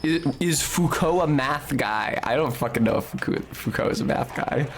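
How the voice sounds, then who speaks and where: While streaming a video game, a man with a medium-pitched, animated, creaky voice talks to his chat at normal speed. He rambles, jokes and swears, and the recording carries a little hiss or hum.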